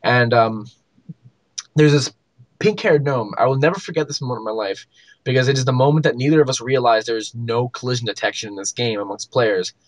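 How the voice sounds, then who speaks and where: Young podcast co-host, lively storyteller, dry close sound. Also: male voice, mid-range voice, brisk, dry recording. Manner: animated storyteller, many likes and ums. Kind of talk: casual chat, storytelling.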